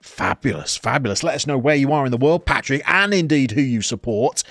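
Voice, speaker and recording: A man of about forty-two with a West Midlands accent, reading out chat comments on a live stream and teasing viewers. His pitch swings up and down as he talks, and the sound is close and dry, with faint music underneath. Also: expressive, brisk, a bit bright, dry recording. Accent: West Midlands English. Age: 40s. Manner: jokey, teasing banter with viewers.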